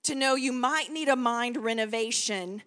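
Preaching as a guest pastor, a Texan woman in her forties encourages her congregation and leads them in call-and-response. Her voice is a little high and fairly bright, and she speaks at a moderate pace.

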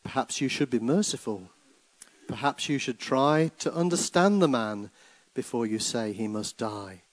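A grave prophet spins a cautionary tale, read by a man in a poem. His delivery is measured and deliberate, in a dry close voice. It carries quiet sternness. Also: mid-range voice, lively intonation, dry recording, lightly acted, poor audio. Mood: cautioning. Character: grave older male prophet, stern and sorrowful.

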